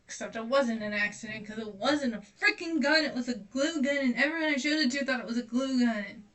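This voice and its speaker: A young woman with a slightly high voice rambles on in a casual stream chat, self-deprecating and cursing freely as she paints. She sits some distance from the microphone, so her voice sounds a bit far off. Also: brisk, a bit bright. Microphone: distant mic. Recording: voice distant from the mic.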